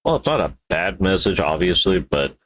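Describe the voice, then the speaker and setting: A man's voice: low voice, very animated, normal speed, a bit bright, a little hiss or hum. A man streaming live while building a 3D model, talking to himself in a rambling, playful way with wordplay asides.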